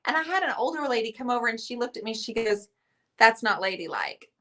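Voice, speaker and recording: A woman's voice: a little high, quick pace, noisy background. A woman hosting a live online chat, talking casually, laughing often and calling people honey and babe.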